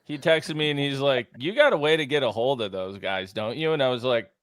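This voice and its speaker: A man's voice: mid-range voice, expressive, a little fast, clean tone, dry recording, studio quality. A man co-hosting a podcast, teasing his friends and prodding them to tell their stories. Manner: teasing, jokey, prods others to tell stories. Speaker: podcast co-host. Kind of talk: casual podcast banter.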